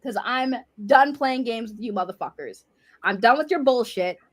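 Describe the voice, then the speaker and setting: A woman's voice: a little high, expressive, normal speed. A woman ranting on a livestream, heated and confrontational, swearing often. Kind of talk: livestream rant.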